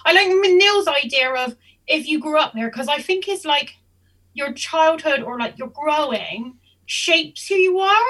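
A woman's voice: high voice, lively intonation, unhurried, bright, forceful tone, distant mic. A woman from South Bristol, a panel guest who talks casually and thinks aloud. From South Bristol, England. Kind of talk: panel discussion.

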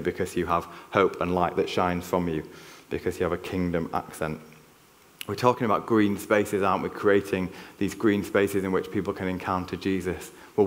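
Earnest Yorkshire man preaching in a hall. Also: sits low. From Yorkshire, England. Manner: earnest, conversational, frequent restarts. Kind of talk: church sermon. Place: church hall. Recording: long reverb of a church hall.

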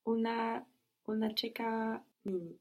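A woman's voice: fairly high pitch, steady tone, a little slow, creaky, darkish tone. A woman learning a language, answering prompts carefully and tentatively, sometimes restarting a word.

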